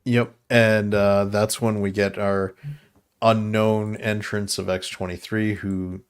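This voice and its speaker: Lowish-voiced man recapping a movie. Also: level tone, takes it slowly, clean tone. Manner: long rambling plot recaps. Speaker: podcast co-host. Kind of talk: casual movie review chat.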